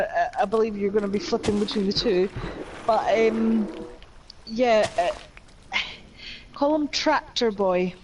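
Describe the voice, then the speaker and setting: A woman's voice: fairly high pitch, background noise. A woman with a Scottish accent chatting playfully while streaming a game, teasing her friends. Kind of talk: casual gaming chat with friends.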